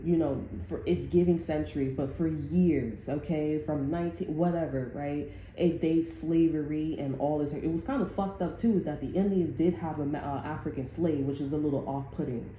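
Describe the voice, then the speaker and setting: Woman tarot reader, very dark mellow tone, profane and rambling, roomy echo. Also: low voice. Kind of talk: casual unscripted tarot monologue. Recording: echoey room with faint background noise.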